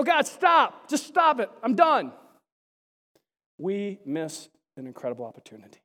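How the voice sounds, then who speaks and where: A man preaching a sermon to a congregation, chatty with restarts and then rising to animated, emphatic bursts. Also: high voice. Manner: chatty asides, frequent restarts. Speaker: pastor. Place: large church sanctuary. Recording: long hall reverb.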